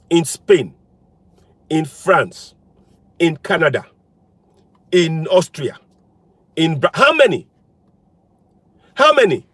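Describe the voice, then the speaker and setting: A man's voice: high voice, fairly bright tone, dry recording. A man giving an impassioned political monologue as a commentator, firing repeated rhetorical questions in an insistent, emphatic way. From Nigeria.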